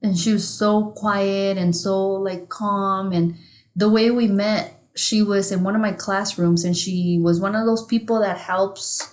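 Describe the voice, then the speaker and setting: A woman's voice: medium pitch, fairly even intonation, measured pace, a little mellow. A woman from Mexico whose first language is Spanish, co-hosting a podcast and telling a rambling, profane story with frequent laughter. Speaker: podcast co-host. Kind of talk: casual chat.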